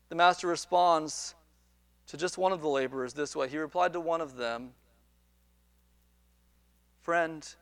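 A man's voice: sits high, dry recording. A man preaching a sermon, retelling a parable with quoted dialogue and repeated words as he builds each point. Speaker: pastor.

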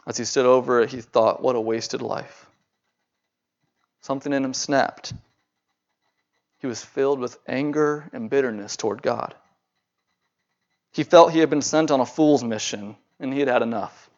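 An earnest male preacher retells a story in a sermon, his delivery unhurried and at times halting on repeated words. His voice sits at an ordinary pitch. The recording sounds dull and muffled. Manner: earnest, with halting repetitions when speaking freely.

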